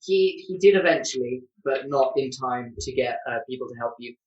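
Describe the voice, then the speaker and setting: Man, game master, halting and hesitant, roomy sound, far from the mic. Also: mid-range voice, a little mellow, dull audio. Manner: hesitant, many ums, laughing often. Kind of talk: narrating a tabletop game. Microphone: video call.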